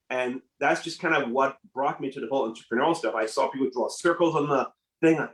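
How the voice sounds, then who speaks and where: A man's voice: mid-range voice, fast, fairly bright tone, echoey room, poor audio. A man whose first language is French, who grew up in Nigeria and Canada, telling his life story as a podcast guest and acting out the voices of people he quotes. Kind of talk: casual storytelling interview.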